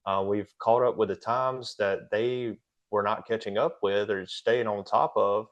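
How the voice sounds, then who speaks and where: A man's voice: fairly low pitch, steady tone, a little slow, highs cut off. A man speaking as a guest in a casual podcast conversation about his business, plainspoken and easygoing. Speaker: guest, pressure washing business owner.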